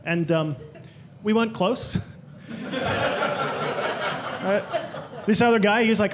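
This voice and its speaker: A man's voice: high-pitched, slow, pauses often, a little hiss or hum. A man with an Australian accent performing a stand-up comedy set on a club stage, telling dry, self-deprecating stories. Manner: dry, self-deprecating storytelling with quoted voices.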